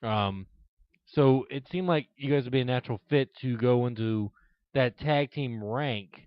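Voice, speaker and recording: A man's voice: mid-range voice, measured pace, clean tone, dry recording. A man hosting an interview, asking long, circling questions with many ums and restarts. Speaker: interviewer, show host. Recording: dull, lo-fi.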